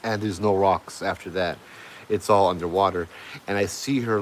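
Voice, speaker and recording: A man's voice: low-pitched, moderate pace, slight background noise, low-quality recording. A man hosting a livestream, telling a ghost story in a casual, rambling way with plenty of fillers and restarts. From Hawaii. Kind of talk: casual storytelling to a live chat.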